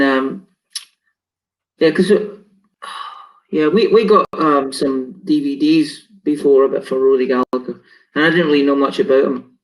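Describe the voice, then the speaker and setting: A man's voice: mid-range voice, rough recording. A man co-hosting a casual chat, rambling and laughing as he loses his train of thought. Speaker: co-host.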